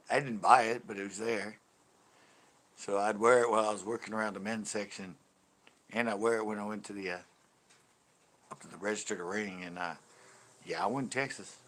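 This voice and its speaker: A man's voice: on the low side, fairly even intonation, normal speed, pauses often, fairly bright tone. A man hosting a fishing channel livestream, chatting casually with viewers in a rambling, laid-back way and laughing easily.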